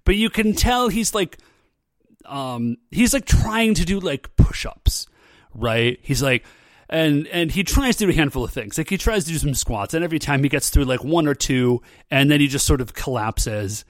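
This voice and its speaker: A man's voice: a little high, expressive, moderate pace, no echo, clean studio sound. A man hosting a podcast, recapping an episode in a casual, rambling way, full of fillers like "um" and "like", with frequent laughs. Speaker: podcast host.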